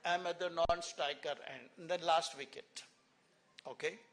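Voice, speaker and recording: A man's voice: fairly high pitch, steady tone, measured pace, a bit bright. A man in his seventies with an Indian English accent, a former cricketer telling rambling anecdotes full of fillers and restarts at a symposium. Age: 70s. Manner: rambling storyteller with many fillers and restarts, chuckling. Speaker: guest speaker, former cricketer. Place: conference hall, live event.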